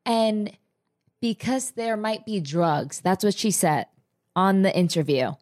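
A woman's voice: mid-range voice, slow, a little mellow. Young woman with a Jersey accent. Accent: New Jersey. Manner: laughing, swearing, talks over her co-host. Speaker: podcast co-host. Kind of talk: casual chat.

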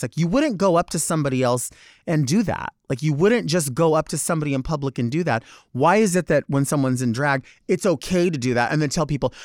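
A man's voice: a little high, lively intonation, a little fast, a little mellow, dry recording, studio quality. A man, a drag performer, giving a blunt and profane monologue, acting out other people's lines as he goes. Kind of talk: candid monologue.

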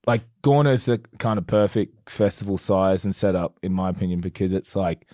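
A young Australian man, a guest musician, chatting in a studio interview in a relaxed, rambling way. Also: low-pitched, normal speed, dry recording. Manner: relaxed and rambling, with fillers and laughs. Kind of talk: casual interview chat.

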